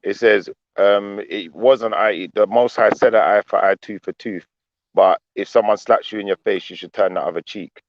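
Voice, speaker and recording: A man's voice: lowish voice, steady tone, moderate pace, dry recording, dull audio. A man hosting a live panel stream, chatty and joking, drifting into talk about the Bible. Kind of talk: casual panel chat.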